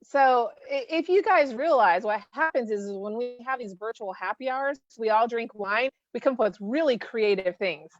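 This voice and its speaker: A woman's voice: fairly high pitch, normal speed, few pauses. A woman co-hosting a casual video call, chatty and enthusiastic, greeting each person as they join. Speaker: co-host. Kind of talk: casual chat. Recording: dull lo-fi call audio.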